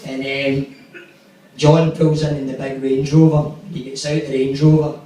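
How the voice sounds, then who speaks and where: On a comedy club stage, a young male stand-up comedian tells a rambling, sweary story and acts out the quotes. His voice is medium in pitch, dark and level, a little slow, and the room sounds echoey, as if recorded from far off.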